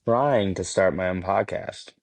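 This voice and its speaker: Low-voiced man telling a wild story. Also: unhurried, vocal fry, no echo. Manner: swears freely, laughs through his stories. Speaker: podcast guest. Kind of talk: casual storytelling. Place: podcast studio.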